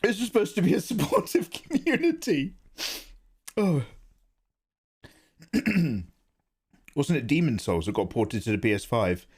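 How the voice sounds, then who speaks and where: A man's voice: fairly high pitch, very animated, unhurried, long pauses, slightly rough. A man chatting casually with viewers while drawing on a livestream from his home setup. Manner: chatty, chats with viewers in the chat. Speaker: art streamer.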